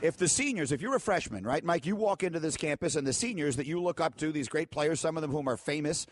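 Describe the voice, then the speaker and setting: A male sports radio co-host with a somewhat high voice, leaning into every point with theatrical, mock-preachy emphasis. His studio mic sounds close and dry. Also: animated, fast talker, no room sound. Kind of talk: animated sports talk radio banter. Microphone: studio microphone.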